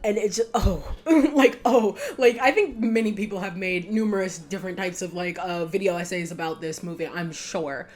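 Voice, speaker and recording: A woman's voice: lowish voice, moderate pace, hardly any pauses, darkish tone. Chatty young woman rambling with giggles. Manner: rambling, giggly, heavy use of "like". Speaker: vlogger reacting to a film. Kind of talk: casual chat.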